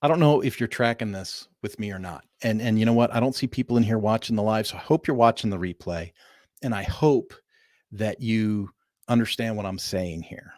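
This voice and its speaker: Animated middle-aged man, dry close sound. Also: fairly low pitch, moderate pace, no echo. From Southern California. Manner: animated storyteller addressing viewers as "folks". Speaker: livestream host. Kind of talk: casual livestream monologue.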